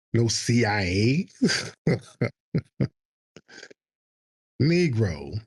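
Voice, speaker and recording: A man's voice: mid-range voice, darkish tone, slightly rough. A man hosting a call-in livestream show, talking in a combative, mocking way. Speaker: host.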